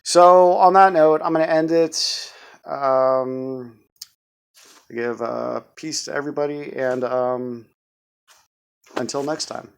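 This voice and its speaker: A man's voice: mid-range voice, fairly even intonation, takes it slowly, vocal fry, long pauses, clean tone. A man in his thirties giving a rambling, stammering vlog update in a jumpy voice. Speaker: vlogger.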